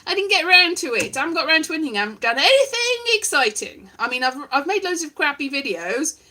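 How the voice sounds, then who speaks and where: Woman vlogger, high bright voice, wry rambling monologue. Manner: wry, self-deprecating, meandering. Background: strummed guitar.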